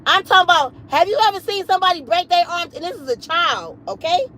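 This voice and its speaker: A woman in her late thirties telling a story on a livestream in an animated, emphatic, foul-mouthed way. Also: extremely high pitch, fast talker, rough recording. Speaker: livestream host.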